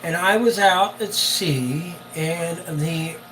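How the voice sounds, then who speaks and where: A man's voice: on the high side, slow pace. Older male boat captain, loose chatty livestream delivery with plenty of fillers, noisy background. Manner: rambling, chatty, many fillers. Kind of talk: casual live-stream chat. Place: on a yacht.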